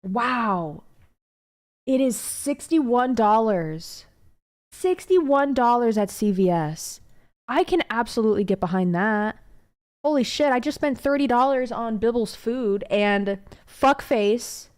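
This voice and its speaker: Young woman streamer, a bit high-voiced; loose, rambling chat full of fillers and swearing. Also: expressive, slow pace. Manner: rambling, many fillers, cursing. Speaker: livestreamer. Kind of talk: casual chat with viewers.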